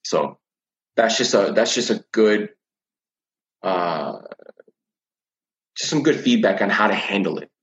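A man's voice: lowish voice, expressive, takes it slowly, pauses often, lo-fi sound. A man talking about coping with anxiety as a teen coach in a casual podcast chat, earnest and often repeating words while he thinks.

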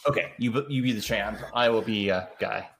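A man co-hosting a podcast, easygoing and quick to laugh in casual chat about a movie. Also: fairly low pitch, a bit bright, slight background noise. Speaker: podcast co-host.

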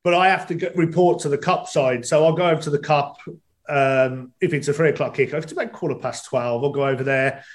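Speaking fast in a steady tone, a man with a voice on the high side appears as a talk show guest over a video call. He's a stadium announcer, and in this casual podcast chat he sounds hesitant, with many ums and restarts.

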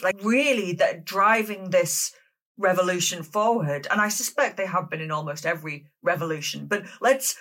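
A woman's voice: lowish voice, fairly bright tone. A woman with a Northern English accent hosting a history podcast, asking curious, casual questions. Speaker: podcast host. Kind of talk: conversational interview.

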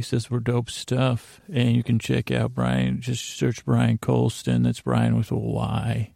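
Gravelly, slow-talking male podcast host. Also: mid-range voice, no room sound. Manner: meandering, soft, rambling with fillers. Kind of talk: sleepy listener shout-outs.

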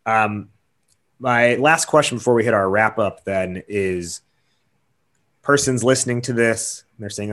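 A man's voice: lowish voice, expressive, measured pace, fairly bright tone. A man hosting a podcast interview, asking loose easygoing questions. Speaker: podcast host.

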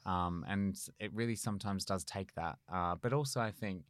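A man, a medium, calmly and reflectively answering in an interview. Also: deep voice, normal speed, dry recording, clean studio sound. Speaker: medium, guest.

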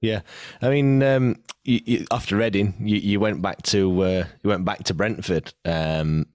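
Male podcast host, low-pitched, dry close mic, hesitant asker. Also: fairly even intonation, measured pace, darkish tone, dry recording. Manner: hesitant, with many fillers and restarts. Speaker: podcast interviewer. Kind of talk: casual interview questions.

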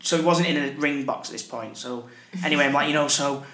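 Animated man in a roomy room. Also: on the high side, fast. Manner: animated storyteller, swears freely. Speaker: podcast host. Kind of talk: casual storytelling chat. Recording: roomy echo.

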